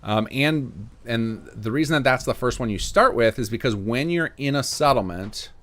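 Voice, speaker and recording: A man's voice: mid-range voice, lively intonation, moderate pace, a bit bright. A man in his thirties chatting casually on a livestream, answering viewer questions in a rambling way with many fillers and restarts. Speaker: mod developer and streamer.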